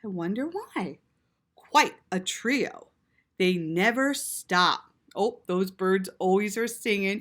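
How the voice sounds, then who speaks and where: A woman reading a story aloud to children in an animated way, with gasps and quiet asides. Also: medium pitch, slow pace.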